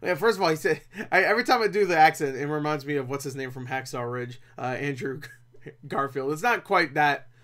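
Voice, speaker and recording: A man's voice: on the high side, brisk, fairly bright tone. A man giving a casual, rambling spoken film review, swearing and laughing often, with frequent restarts. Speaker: movie reviewer.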